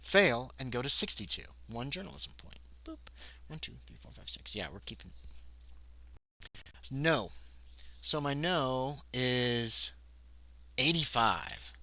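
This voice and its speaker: A man's voice: medium pitch, expressive, slow pace, long pauses, sharp tone, poor audio. A man playing a solo tabletop horror scenario on a livestream, reading the text aloud and breaking off into muttered asides. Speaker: solo tabletop game player and narrator.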